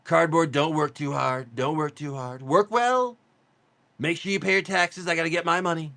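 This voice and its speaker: A man's voice: on the high side, moderate pace, pushed and bright, voice pushed up. A brash older politician who brags about everything in a sing-song swagger, as a man puts him on. The voice sits well above the man's own, with a pompous, self-praising lilt. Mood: boastful.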